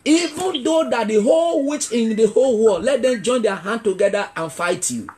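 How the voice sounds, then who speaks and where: Speaking at normal speed in an extremely high-pitched voice, this man preaches as an evangelist at a revival. He asks the congregation questions, repeats key phrases, and grows emphatic until he's shouting.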